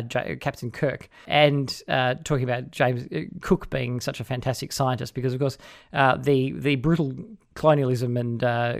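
A man with an Australian accent, co-hosting a casual political chat in a sardonic, animated way. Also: mid-range voice, vocal fry. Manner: sardonic, animated, mocking voices of opponents. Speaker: podcast co-host.

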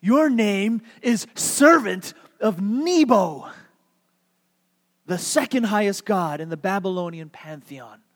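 A man's voice: high voice, expressive, slow, big-room sound. A male preacher voicing a bullying male Babylonian official in a sermon story, taunting and dismissive.

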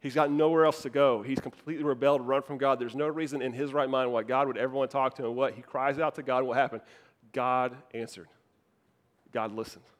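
A man preaching a sermon, getting animated and emphatic, repeating key phrases as he builds up his points. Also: medium pitch, a little fast. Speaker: pastor.

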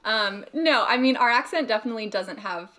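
An American woman chats as a podcast guest, recorded in a bedroom. Her voice sits a little high and she talks easily, breaking into laughs. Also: animated, a little fast, sharp tone. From United States. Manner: chatty storyteller, laughs often. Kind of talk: casual chat.

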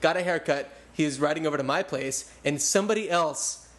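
A man's voice: fairly high pitch, a little fast, a bit bright, slight background noise. A man co-hosting a comedy podcast, trading dry, teasing banter with his guests. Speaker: podcast co-host. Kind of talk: casual comedic chat.

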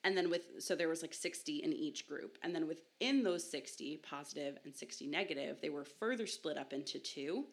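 A woman's voice: low-pitched, fairly quick, hardly any pauses. A young woman hosting a science podcast, talking casually with a chatty, self-deprecating manner and frequent laughs. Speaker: podcast host.

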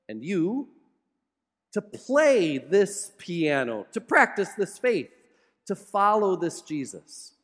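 A male pastor preaching a sermon with animated, dramatic storytelling and humor. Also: high voice, long reverb tail.

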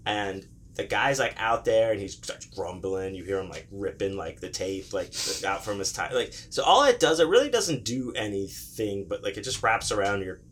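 A man's voice: lowish voice, very animated, moderate pace, few pauses, fairly bright tone. A young man casually telling a profane story, loosely acting out the voices of the people in it.

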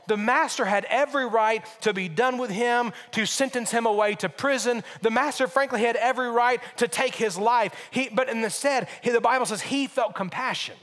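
A man's voice: high voice, a bit bright, long reverb tail. A man preaching a sermon as pastor, speaking with emphasis, repeating phrases and putting rhetorical questions to his listeners.

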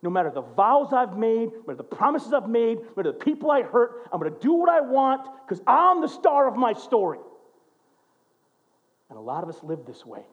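A man preaching a sermon as a pastor, telling stories and acting out quotes in an animated way. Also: very high-pitched, moderate pace, highs cut off. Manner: animated, storytelling with acted-out quotes.

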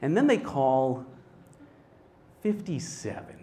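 A young man telling a personal story on stage, his delivery swinging between quiet and loud. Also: medium pitch, very animated, slow, heavy background noise.

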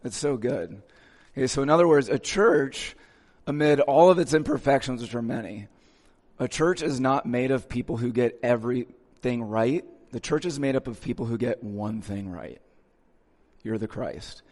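A man's voice: mid-range voice, moderate pace, a little mellow, long reverb tail. A male pastor giving a conversational sermon in a church, casually checking in with his listeners as he goes.

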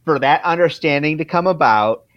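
A man with a slightly high voice rambles through his thoughts in casual movie chat, restarting often as he goes. The sound is dry and close to the mic. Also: moderate pace, no echo, dull audio.

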